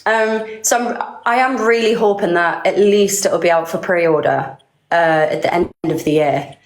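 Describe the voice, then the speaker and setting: A woman's voice: fairly low pitch, steady tone, measured pace. A woman in her thirties, a singer being interviewed, chatting casually with a bubbly, giggly manner. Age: 30s. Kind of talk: casual live-stream chat. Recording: echoey room.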